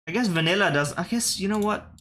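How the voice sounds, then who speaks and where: A man's voice: high-pitched, fast talker, sharp tone. A man, thinking aloud and swearing casually as he gives let's-play commentary on word puzzles. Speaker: gaming channel host.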